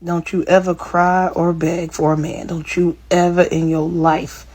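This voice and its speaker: A woman giving scolding, profane advice in a forceful monologue. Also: fairly low pitch, flat delivery, a little slow. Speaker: advice speaker.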